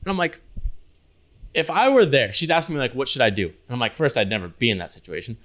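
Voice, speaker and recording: A man co-hosts a laid-back podcast and rambles through his stories in a casual chat. He leans on "like" and drops swear words freely. His voice sits at an ordinary middle pitch. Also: lively intonation, fast talker, a bit bright. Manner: loose, swearing storyteller, heavy use of "like". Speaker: podcast co-host.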